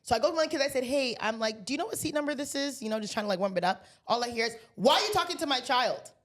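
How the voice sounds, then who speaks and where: A woman co-hosting a podcast, telling a story in a casual, animated way and acting out the people in it with plenty of swearing. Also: on the high side, racing. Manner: animated storyteller, acts out quoted voices, heavy swearing. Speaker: podcast co-host.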